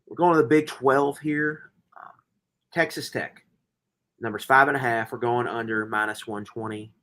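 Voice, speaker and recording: Animated man talking football picks. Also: medium pitch, moderate pace. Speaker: podcast co-host. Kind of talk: casual sports betting chat.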